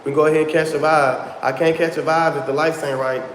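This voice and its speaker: A man's voice: fairly high pitch, flat delivery, fast talker, echoey room, in a large hall, a little hiss or hum. A man hosting his own livestream in casual chat, talking straight to his viewers and repeating himself often. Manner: chatty, repeats himself, addresses viewers as y'all. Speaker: livestream host.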